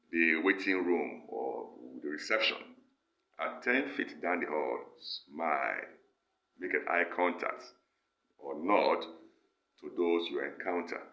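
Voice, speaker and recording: A man giving an instructional lecture, setting out steps in short, measured phrases. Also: deep voice, a bit bright, echoey room, lo-fi sound. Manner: measured, lists steps one phrase at a time.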